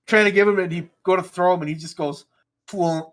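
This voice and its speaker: A man co-hosting a casual podcast chat, who swears freely and laughs through animated stories. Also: high-pitched, rapid-fire. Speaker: podcast co-host.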